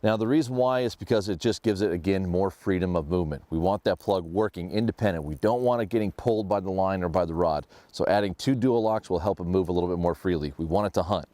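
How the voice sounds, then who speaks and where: A man hosting a fishing show, giving a steady, explanatory walkthrough of his fishing gear. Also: sits low, fast, few pauses, no room sound.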